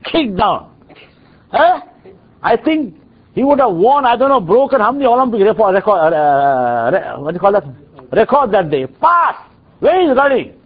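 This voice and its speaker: Animated male preacher. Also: high voice, moderate pace, slightly rough. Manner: animated, dramatic storyteller. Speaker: preacher and teacher. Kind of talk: storytelling sermon. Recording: dull lo-fi recording.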